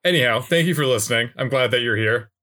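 A man's voice: medium pitch, fast talker, pushed and bright. A man hosting a podcast in casual chat, musing and hesitant. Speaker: podcast host.

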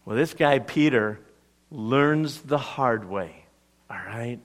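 A man preaching a sermon, telling the story and acting out the quotes with lively energy. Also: mid-range voice, slow pace. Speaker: pastor.

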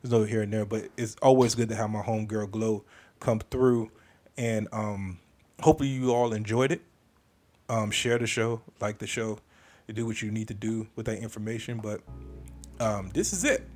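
Laid-back man hosting a casual podcast, chuckles a lot, mid-pitched, faint music under him. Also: moderate pace, a little mellow. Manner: laid-back, laughs often, repeats himself. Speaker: podcast host.

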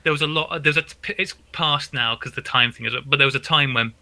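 A man's voice: a little high, a little fast, bright, forceful tone. A British man, a middle-aged podcast guest, chatting casually, self-deprecating and laughing often. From Britain. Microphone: home podcast mic, no video.

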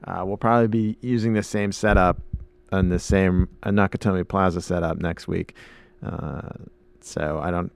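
A man's voice: deep voice, fairly even intonation, moderate pace, vocal fry, clean tone, dry recording. A man hosting a podcast in casual chat, bantering and joking with his co-host. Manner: joking banter, slips into mock voices.

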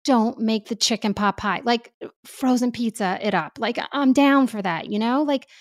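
A woman speaking as a parenting expert guest in casual podcast talk, animated and chatty with lots of fillers. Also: a little high, normal speed, dry recording, clean studio sound.

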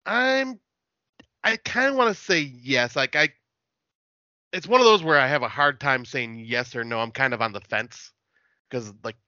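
Laid-back man telling stories, bright, dry and slightly muffled. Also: mid-range voice, animated, moderate pace, long pauses, no room sound. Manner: laid-back, swearing, laughing storyteller. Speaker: podcast guest. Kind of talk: casual podcast chat.

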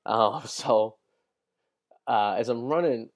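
A young man with a medium-pitched voice rambles through a personal story as host of his own show. He swears freely and keeps checking in with "right?" and "like". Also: slow pace. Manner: rambling, profane, fills with "right?" and "like". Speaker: podcast host. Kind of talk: casual storytelling monologue.

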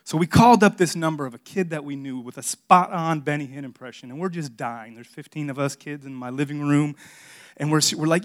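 A man's voice: on the high side, brisk. A middle-aged man preaching a sermon, telling a funny story about himself in a joking, confessional way. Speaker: pastor.

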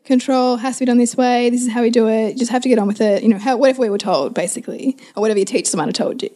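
A woman's voice: fairly high pitch, very fast, dark tone. A woman host in a casual chat, reflecting thoughtfully and affirming her guest.

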